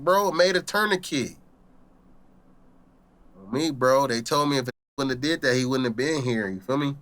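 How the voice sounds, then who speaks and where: A young man, an interview guest, telling a story in casual street slang and acting out the voices in it. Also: high voice. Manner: animated, acts out voices in his story, heavy slang.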